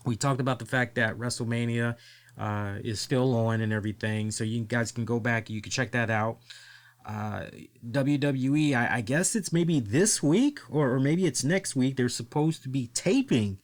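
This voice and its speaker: A man's voice: medium pitch, normal speed. A man hosting a casual wrestling podcast who swears freely, laughs often and tells stories with lots of energy. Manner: animated, profane, laughs often. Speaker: podcast host.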